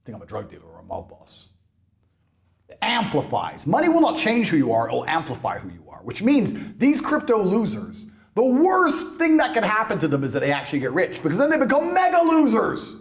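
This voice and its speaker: Brash, mocking man with a lively voice. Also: high voice, fairly quick, creaky. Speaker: podcast guest. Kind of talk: provocative podcast rant.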